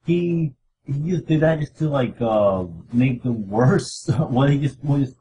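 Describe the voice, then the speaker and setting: A man co-hosting a casual podcast, speaking haltingly and often repeating words as he thinks. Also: mid-range voice, warm tone, highs cut off, a little hiss or hum. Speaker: podcast co-host. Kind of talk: casual chat.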